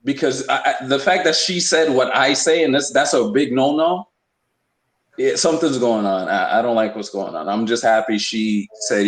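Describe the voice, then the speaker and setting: A man's voice: mid-range voice, normal speed. Rambling man in an echoey room. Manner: rambling, emphatic, lots of restarts. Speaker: podcast host. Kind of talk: casual opinion talk.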